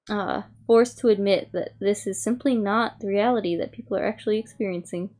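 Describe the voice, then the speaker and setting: A woman's voice: mid-range voice, moderate pace, a little mellow, soft background music. A young woman streamer in casual chat, rambling with many fillers and reading aloud from a review. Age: young adult.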